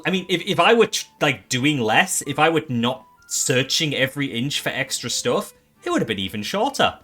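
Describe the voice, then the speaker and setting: Excitable streamer man, lively pitch. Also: moderate pace, faint music behind. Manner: excitable, swears, stumbles and restarts. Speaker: streamer hosting a game awards show. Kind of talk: casual live-stream award presentation.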